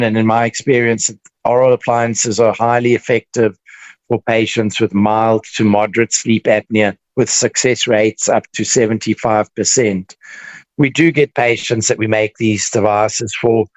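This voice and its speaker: A man with a South African accent, a dentist guest explaining treatment in relaxed, casual chat. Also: mid-range voice, no echo, rough recording. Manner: relaxed, explains with examples and restarts.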